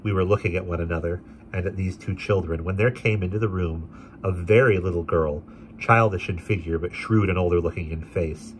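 A man narrating a classic novel aloud in a steady, expressive way. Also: low-pitched, a little fast, a little hiss or hum. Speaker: audiobook reader.

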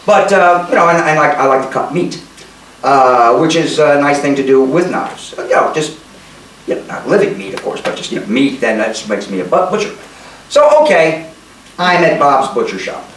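A man's voice: on the high side, expressive, normal speed, fairly bright tone. A male comedian telling a rambling, self-mocking story, stammering and restarting as he goes. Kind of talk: comedic monologue. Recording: roomy, distant mic, faint noise.

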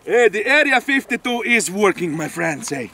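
Out in an open field, a male channel host flies a radio-control model jet, his high voice creaky, pushed and bright. He keeps exclaiming, repeating himself and ending lines with "eh?" in excited flying commentary, with slight background noise.

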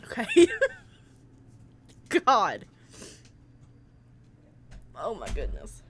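A woman's voice: mid-range voice, huge pitch swings, extremely slow, a little hiss or hum. A young woman playing a horror game on her channel, talking casually, jittery and frightened, laughing nervously between lines. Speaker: let's play gamer.

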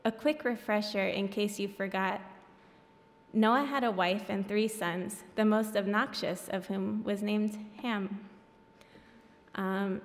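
A woman reading her own graphic novel at a public event, breaking off for wry, self-deprecating asides. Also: medium pitch. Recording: echoey hall.

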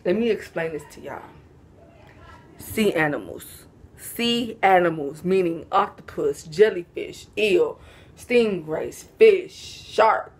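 A woman's voice: lowish voice, animated, slow. A young woman chatting casually at home for a vlog, sleepy and yawning, laid-back and slangy, with frequent giggles. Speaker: vlogger. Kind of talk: casual Q&A chat to camera.

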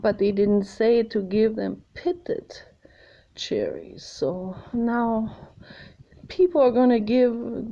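Meandering woman host, slow and mellow, muffled home recording. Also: fairly high pitch, expressive, vocal fry. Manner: meandering, chatty, thinks aloud. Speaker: video host showing her art. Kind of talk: casual rambling home video. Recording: slightly muffled, faint hiss.

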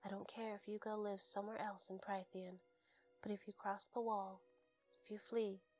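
A woman in whispered role-play, voicing a stern, terse ancient male fae lord who speaks low and clipped. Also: flat delivery, moderate pace, darkish tone, faint music behind, lightly acted. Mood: menacing.

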